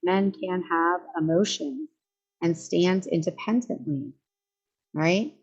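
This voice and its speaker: Sarcastic lower-voiced woman streaming. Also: slow pace, slightly rough, highs cut off. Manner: chatty and sarcastic, frequent laughs and self-interruptions. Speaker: commentary streamer. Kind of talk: casual livestream commentary.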